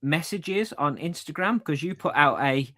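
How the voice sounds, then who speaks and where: A man co-hosting a running podcast in casual chat, encouraging and quick with short interjections. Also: on the high side, expressive, pushed and bright.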